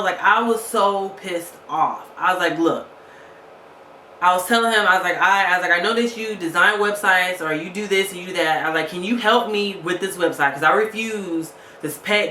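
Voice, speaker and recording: A woman's voice: lowish voice, sharp tone, roomy sound, a little hiss or hum. A woman vlogger telling a story casually, angry and fed up, retelling a phone call with lots of quoted back-and-forth.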